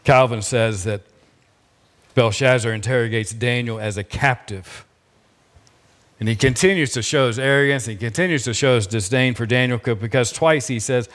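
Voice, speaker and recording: A man preaching a sermon, emphatic and repetitive, often dropping his voice low to stress a point. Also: moderate pace, a bit bright. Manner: emphatic preaching with repeated phrases. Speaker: pastor.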